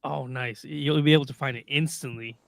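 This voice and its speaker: A man's voice: medium pitch, steady tone, brisk, creaky, no room sound. A man co-hosting a casual livestream podcast, laughing often and running down a list of upcoming sky events. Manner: laughs often, reads through a list of dates. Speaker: podcast co-host.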